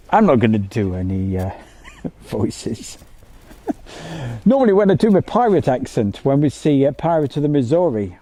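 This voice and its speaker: Guy chatting on a live stream outside, husky, lively ups and downs, lots of ums. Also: mid-range voice. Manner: chatty, jokey, rambling with many ums. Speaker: livestream host. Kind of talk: live streaming chat, reading viewer messages. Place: outdoors at an airfield.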